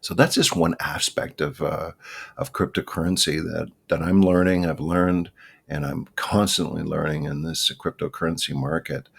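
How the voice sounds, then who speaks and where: Male market-show host, gravelly and husky, rambling casual commentary. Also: very deep voice. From Canada. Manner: rambling, with many fillers. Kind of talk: casual market commentary over screen charts.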